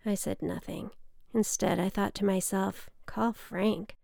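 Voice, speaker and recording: A woman reading her personal story aloud in a measured, wry, reflective manner. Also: mid-range voice, steady tone, creaky, darkish tone, dry recording, clean studio sound. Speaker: memoir narrator.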